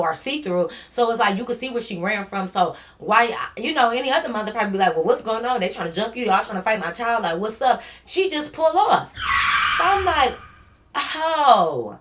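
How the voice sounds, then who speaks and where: A young woman, telling a storytime vlog in slangy, animated talk, acting out what people said. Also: medium pitch. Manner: animated, slangy storytelling with acted-out quotes and swearing. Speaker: vlogger.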